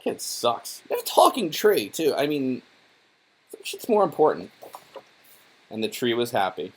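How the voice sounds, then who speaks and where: A man's voice: medium pitch, huge pitch swings, unhurried, slightly rough. Sarcastic, rambling young man. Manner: irreverent, profane, rambling with many fillers. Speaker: YouTuber reviewing a children's book. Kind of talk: casual sarcastic commentary.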